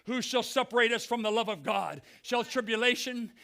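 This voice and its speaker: A middle-aged man preaching a fervent Pentecostal sermon as pastor, swinging from hushed words to shouts. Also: very high-pitched, moderate pace, creaky. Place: church sanctuary.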